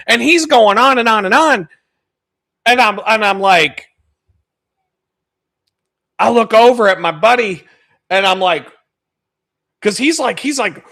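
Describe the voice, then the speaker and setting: A man with a high, bright voice hosts his own video and rambles through an anecdote. He swears freely and laughs often. He turns loud and excited when he gets to the funny part. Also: measured pace, pauses often, slightly rough. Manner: profane, laughs a lot, gets loud retelling stories. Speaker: video host. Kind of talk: casual rambling storytelling.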